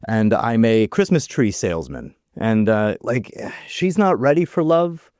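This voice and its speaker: Male guest, casual chat, lively storyteller who does the other voices, pitch jumping all over, dry close sound. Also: a little slow, clear, resonant tone, dry recording. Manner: animated storyteller, acts out quoted voices; loose, filler-heavy phrasing. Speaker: actor, podcast guest.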